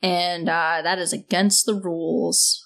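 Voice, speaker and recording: A woman's voice: lowish voice, little pitch movement, a little slow, gravelly, fairly bright tone. A woman hosting a podcast in casual chat, sarcastic and laughing often. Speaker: podcast host.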